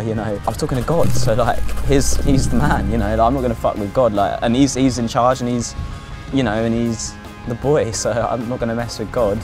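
In a candid documentary, a young man casually recounts his own psychosis, using lots of fillers and swearing. His mid-range voice is brisk and steady in tone, with music playing in the background.

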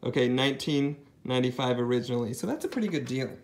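A man's voice: medium pitch, fast talker, darkish tone, a little hiss or hum. Chatty man rambling through a thrift haul. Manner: chatty and rambling, with many ums and asides. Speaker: thrift reseller showing a haul. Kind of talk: casual haul vlog chat.

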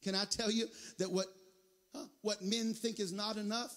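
A man with a very high voice preaches a revival sermon in a church. He keeps prodding his listeners with quick asides. Again and again he swells into a shouted, sing-song preaching rhythm. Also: little pitch movement, long reverb tail. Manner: builds into a shouted, chanting preaching cadence; calls out to the congregation with "huh?" and "can I tell you". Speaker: guest pastor. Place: church sanctuary.

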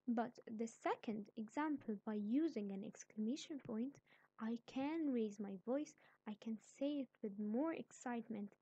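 A woman teaches a grammar lesson, patient and methodical, breaking each point into small steps. Her voice sits fairly high but sounds soft and mellow, and the recording is close and dry with no room sound. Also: unhurried, breathy edge, no room sound, dull audio. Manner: patient, explains step by step, then acts out example sentences.

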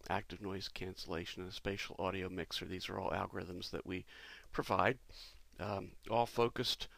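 A man, a company president, talking through a product demo in a relaxed, explanatory way with frequent pauses. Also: deep voice, gravelly, dry recording. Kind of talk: casual product demo walkthrough.

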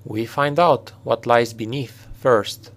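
A man reading a storybook voices a grave, secretive male necromancer who speaks in a measured, cryptic way. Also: mid-range voice, fairly even intonation, fairly bright tone. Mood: hushed.

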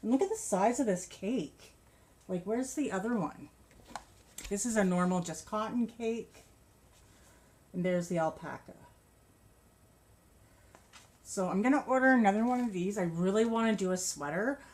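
A woman's voice: mid-range voice, moderate pace, a little mellow. A woman vlogger chatting casually about her crochet projects and yarn, gushing and laughing often. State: a bit out of breath. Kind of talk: casual show-and-tell chat.

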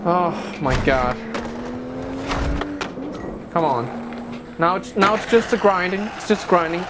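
A man narrates a skateboarding game for his let's-play stream, taking his time in a high-pitched voice with lively intonation. Frustrated exclamations and jokes at his own expense run through it, and the recording is noisy.

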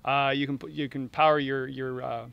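A middle-aged Canadian man reviewing camping gear outdoors at a campsite, making jokey deadpan asides between many fillers. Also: medium pitch, moderate pace, creaky, smooth, muffled recording. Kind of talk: joking gear review vlog.

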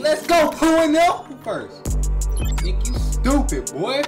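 A man hosting a casual reaction video on his channel, animated, often breaking into laughing shouts and tagging lines with "boy". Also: very high voice, takes it slowly. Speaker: YouTube reaction host. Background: hip hop music playing.

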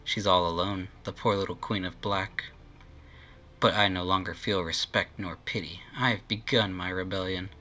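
A domineering young queen from a game story speaks with haughty, possessive relish, as a man reads her lines. The voice is low for a man yet bright and forceful in tone. She talks down to everyone around her and toys with her enemies. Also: steady tone, moderate pace. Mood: scheming.

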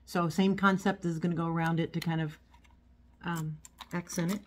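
A woman's voice: on the low side, fairly even intonation, moderate pace, noisy background. A woman chatting casually as she unboxes and shows a haul of small items at home, rambling as she goes. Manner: chatty, rambling, talks while handling items. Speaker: vlogger. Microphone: phone. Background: crinkling packaging.

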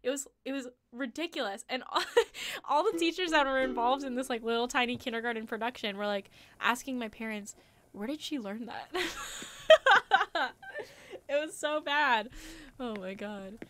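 Bright chatty young American woman. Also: on the high side, normal speed, long pauses, slight background noise. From United States. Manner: chatty, rambling storyteller who often laughs. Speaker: musician streaming a game. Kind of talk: casual chat while gaming.

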